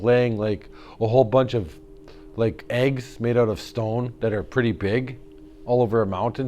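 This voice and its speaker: A man storyteller telling a traditional tale to children, animated, with sound effects and call-and-response teaching words. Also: medium pitch.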